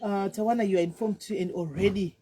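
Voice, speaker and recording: Woman host of a live stream, husky voice, chatty and encouraging, code-switching freely. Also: medium pitch, steady tone, fast, mellow. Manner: chatty, repeats words, coaxing. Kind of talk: casual live-stream interview mixing Shona and English.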